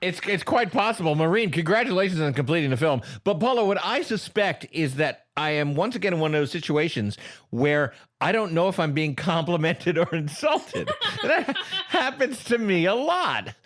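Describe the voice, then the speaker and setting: A man co-hosting a comedy podcast, joking in mock indignation and quick to laugh. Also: a little high, expressive, a bit bright. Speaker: podcast co-host. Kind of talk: comedic banter.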